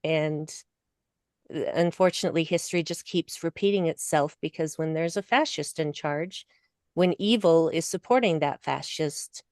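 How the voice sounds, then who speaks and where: A woman guest on a podcast, talking emotionally and laughing often, her voice climbing high when excited. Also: moderate pace, no echo. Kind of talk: casual podcast discussion.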